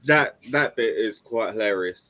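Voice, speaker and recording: A man's voice: on the low side, expressive, moderate pace, pushed and bright, low-quality recording. A man co-hosting a casual podcast chat, chatty and a bit hesitant. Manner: chatty, hesitant with fillers, laughs at jokes. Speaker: podcast co-host.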